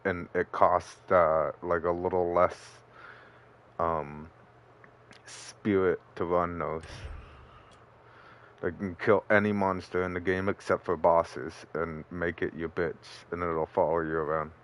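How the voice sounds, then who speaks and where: A man's voice: deep voice, flat delivery, takes it slowly. A man streaming a game, chatting casually and loosely explaining his play with a lot of fillers. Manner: laid-back, rambling, with fillers. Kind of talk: casual gameplay commentary.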